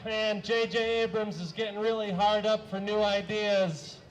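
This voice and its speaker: Performing live on a small stage, a young stand-up comedian with a high voice keeps his delivery flat and unhurried. Stumbles, "uh" fillers, and occasional throat-clearing break up his set. The recording is rough, with slight background noise.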